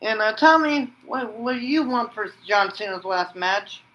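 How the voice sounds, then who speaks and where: A man hosting a wrestling vlog, narrating an imagined match like play-by-play and shouting out the pin counts. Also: high voice, expressive, a little slow, highs cut off, a little hiss or hum. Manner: breaks into loud shouted pin counts and move calls; rambling, restarts sentences with "and then". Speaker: wrestling vlogger host. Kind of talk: excited fantasy-booking play-by-play.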